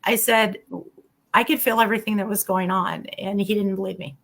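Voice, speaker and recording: A middle-aged physician who was once a patient speaks as an interview guest, candidly telling her own story. Her voice is gravelly and medium-pitched, her pace brisk, and her narration animated with quoted dialogue.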